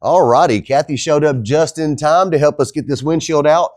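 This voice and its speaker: A man's voice: on the high side, moderate pace, a little mellow. A man talking casually to viewers while working on a truck in his home garage, joking as he goes. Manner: joking, laid-back, talks to viewers as guys. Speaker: DIY truck builder. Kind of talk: casual how-to vlog.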